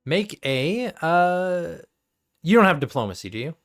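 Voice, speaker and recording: A man acting as game master of a tabletop game, rambling with many fillers and quick laughs. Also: fairly high pitch, big pitch swings, faint music behind.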